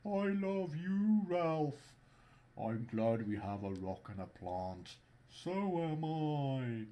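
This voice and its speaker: A man's voice: on the high side, sing-song, drawn-out words, warm tone, pitched above the performer's own voice, full character voice. A man voicing a couple of bickering little characters in a silly, put-on Scandinavian accent, with comic banter.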